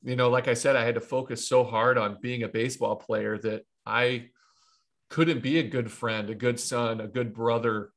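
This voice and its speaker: A man in his thirties from Ohio, a retired baseball pitcher telling stories as an interview guest, rambling with frequent restarts and asides. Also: fairly even intonation, normal speed. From Ohio, USA. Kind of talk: casual interview storytelling.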